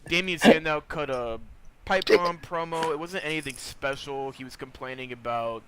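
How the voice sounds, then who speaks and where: A young man talks through the week's news in a loose, rambling way, cursing now and then. Crowd noise sits clearly in the background of his podcast recording. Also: on the high side, normal speed, poor audio. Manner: rambling, loose and joking, swears often. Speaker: podcast host. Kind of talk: casual chat recapping wrestling news.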